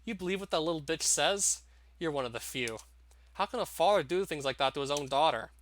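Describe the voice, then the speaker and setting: A man's voice: on the high side, expressive, brisk, a bit bright. A man voicing a sneering, abusive middle-aged father who taunts and mocks. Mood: menacing, taunting. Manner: taunting, mocking.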